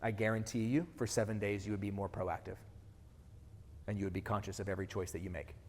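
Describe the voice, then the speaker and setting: Fast-talking keynote man in a hall. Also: on the low side. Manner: energetic, asks the audience rhetorical questions. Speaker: keynote speaker. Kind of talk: motivational keynote speech. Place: large event hall. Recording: hall reverb from a live event.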